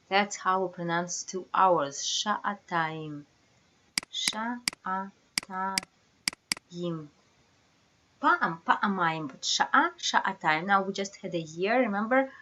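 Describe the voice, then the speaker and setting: A woman's voice: mid-range voice, noisy background. A woman teaching a beginners' language lesson, explaining step by step and quizzing her students with questions. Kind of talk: casual online lesson.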